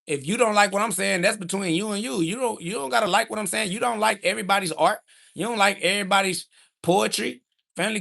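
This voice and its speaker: A young man holds forth on his livestream in a high, gravelly voice with a sharp, forceful edge. He answers chat comments one by one, brash and profane, preaching in heavy slang. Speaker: livestream host.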